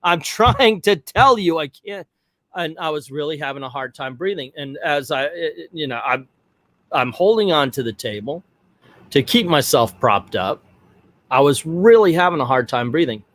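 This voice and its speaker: A man's voice: medium pitch, no echo. Middle-aged man rambling through a story. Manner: rambling, animated retelling. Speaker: vlog host. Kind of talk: casual storytelling vlog.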